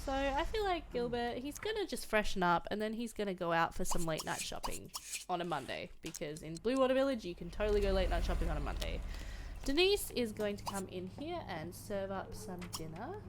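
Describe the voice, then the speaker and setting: A woman's voice: medium pitch, big pitch swings, fairly quick, noisy background. A woman giving casual, giggly let's-play commentary, thinking aloud as she goes. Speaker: gameplay commentator.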